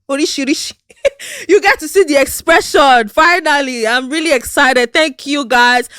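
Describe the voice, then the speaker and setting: A woman's voice: high voice, a bit bright, no echo, studio quality. A young Nigerian woman hosting her podcast, bubbly and hyped up, chatting casually on her own. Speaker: podcast host. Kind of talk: casual solo podcast chat.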